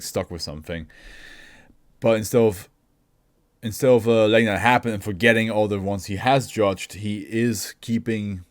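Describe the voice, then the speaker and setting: A man's voice: fairly low pitch, dry recording. A man hosting a reaction video, talking casually, laughing often and slipping into mock voices.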